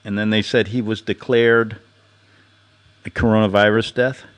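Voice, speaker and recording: A man's voice: on the low side, little pitch movement, normal speed, long pauses, clean tone. A man hosting a podcast, delivering a sarcastic satirical monologue and laughing at his own jokes. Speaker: podcast host.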